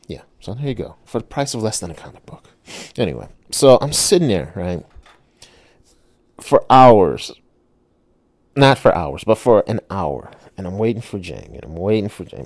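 A middle-aged man, a self-published author, telling a personal story in a casual monologue, animated and swearing with many rhetorical asides. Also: sits low, dry recording.

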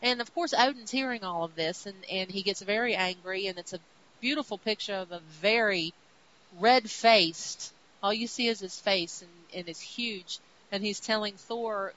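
A woman co-hosting a podcast, casually recapping comic stories with lively retellings of what the characters say. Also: medium pitch, normal speed. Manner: animated retelling, quoting characters in her own voice. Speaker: podcast co-host. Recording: dull lo-fi audio with faint hiss.

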